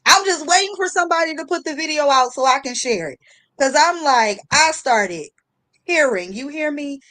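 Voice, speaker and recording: High-voiced woman telling a story. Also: moderate pace. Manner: animated storyteller, acting out voices. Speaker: livestream guest. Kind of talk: casual storytelling chat.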